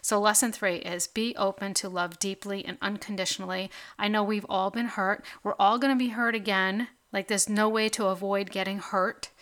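Casting note: female podcast host with a bright, forward voice; talks loosely, tossing in "like", "right?" and "okay?". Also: mid-range voice. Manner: chatty, full of "like" and tag questions "right?" and "okay?". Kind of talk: casual podcast monologue.

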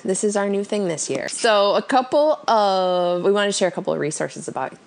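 A woman's voice: mid-range voice, expressive, fairly quick, gravelly. A woman co-hosting a podcast in casual chat, telling stories and laughing often. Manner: chatty storyteller, laughs often. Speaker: podcast co-host.

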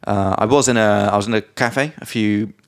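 A man's voice: lowish voice, fairly even intonation, normal speed, vocal fry. A man co-hosting a podcast, telling stories in a loose, chatty way with lots of fillers. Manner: chatty storyteller, many fillers, acts out quoted lines. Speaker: podcast co-host. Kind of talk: casual chat.

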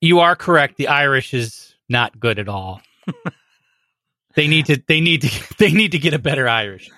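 Bright-voiced man agreeing on a podcast. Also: mid-range voice, lively intonation, dry recording, studio quality. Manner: measured, agreeable, hesitant restarts. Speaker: podcast co-host. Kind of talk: casual tech podcast chat.

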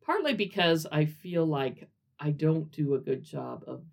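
A woman's voice: low voice, very animated, measured pace, vocal fry. A woman co-hosting a podcast, explaining a writing exercise step by step in a chatty way. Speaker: podcast co-host. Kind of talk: casual chat.

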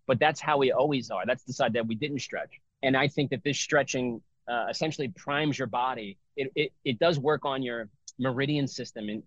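A man's voice: medium pitch, fairly bright tone, dry recording. Rambling middle-aged man, dull dry audio. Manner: loose, rambling, full of fillers and restarts. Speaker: breathwork and yoga teacher. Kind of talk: casual interview talk.

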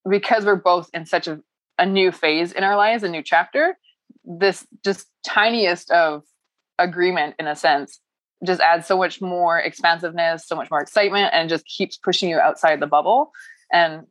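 A woman's voice: on the low side, moderate pace, fairly bright tone, dry recording. A woman talking about her personal growth as a coaching client, emotional and laughing often as she rambles. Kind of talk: casual heartfelt chat.

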